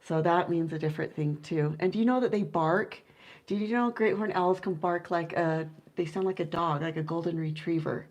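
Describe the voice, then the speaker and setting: A woman's voice: lowish voice, normal speed, darkish tone, low-quality recording. A woman chatting casually with her viewers about her pet owl, enthusiastic and full of fillers, now and then imitating owl hoots. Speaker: owl keeper and vlogger.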